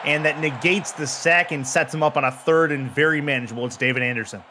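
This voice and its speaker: A male play-by-play announcer calls a football sim game with quick, punchy play calls. He stays even between snaps and then shouts on big plays. A faint hiss of noise sits under his voice. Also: fairly high pitch. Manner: calm play calling that jumps to excited shouting on big plays. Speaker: play-by-play commentator. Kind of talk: live sports play-by-play.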